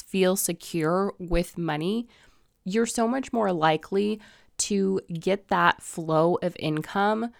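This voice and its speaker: A woman's voice: fairly low pitch, creaky, dry recording, clean studio sound. A young adult woman hosting a podcast, giving chatty, motivational advice on income and real estate with lots of "like" and "so". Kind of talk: upbeat podcast monologue.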